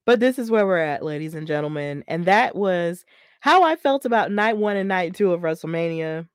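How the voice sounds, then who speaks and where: A woman hosting a casual wrestling podcast, talking in an animated, emphatic way and repeating herself for weight. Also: on the low side, normal speed, clean tone, dry recording, studio quality. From Alabama. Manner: animated, emphatic and repetitive, venting frustration. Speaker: podcast host.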